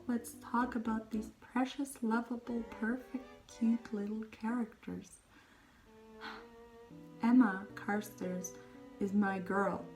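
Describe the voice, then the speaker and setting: A young woman chatting casually about books on her vlog, gushing and rambling, often dropping into breathy whispered asides. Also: medium pitch, low-quality recording. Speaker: book vlogger. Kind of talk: casual book talk.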